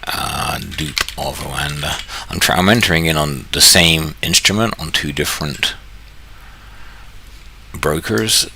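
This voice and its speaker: This New Zealand man hosts a trading channel and talks his way through a screen-share, musing out loud, fixing his own slips and joking. He speaks a little slowly in a rumbling low, creaky voice that's slightly rough, with a sharp tone.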